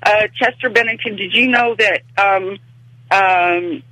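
A woman calling in to a radio show, talking in a rambling, halting way. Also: mid-range voice, pushed and bright, no room sound. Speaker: caller. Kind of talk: phone-in chat. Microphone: phone. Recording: tinny phone line.

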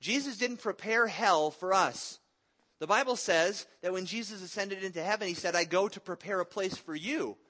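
Bright-voiced earnest male preacher. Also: high voice, normal speed. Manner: earnest, conversational preaching with family anecdotes. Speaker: pastor. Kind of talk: sermon.

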